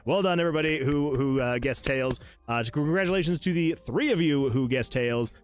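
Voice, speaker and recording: A man hosting a casual livestream, chatting excitedly with viewers, laughing often and reading chat messages aloud. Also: on the high side, a little fast, faint music behind. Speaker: livestream host and game developer.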